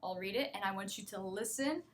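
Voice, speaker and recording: An American woman teaching English pronunciation, explaining patiently and often checking in with her listeners. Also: medium pitch. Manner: slow, patient explaining with frequent "okay?" and "right?" checks. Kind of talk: relaxed accent lesson.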